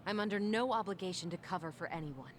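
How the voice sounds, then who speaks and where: A woman's voice: medium pitch, fast, slight background noise, close to an everyday voice. An actress playing a stern, indignant woman school official who speaks in a cutting, scolding way.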